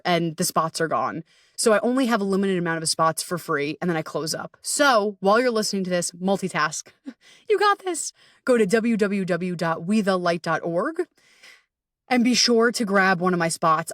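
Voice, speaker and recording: A woman's voice: on the low side, a bit bright, no echo, studio quality. A woman hosting her own podcast as an anxiety coach, talking in a chatty, candid way, swearing freely and acting out inner voices. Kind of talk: casual solo podcast monologue.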